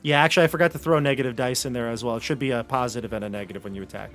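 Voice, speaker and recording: A man's voice: medium pitch, rapid-fire, soft background music. A man narrating as game master in a casual style, laughing often.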